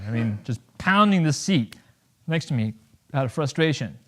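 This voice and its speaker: Here the veteran speaker, a man in his thirties, talks to his audience in a medium-pitched, expressive voice at normal speed, pausing often. He stays blunt and jokey, playing out dialogue in his stories and swinging widely between loud and soft.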